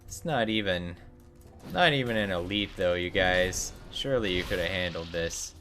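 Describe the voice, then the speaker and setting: A man's voice: sits low, moderate pace, over music. A man streaming a game, commenting in a casual, wry and joking way.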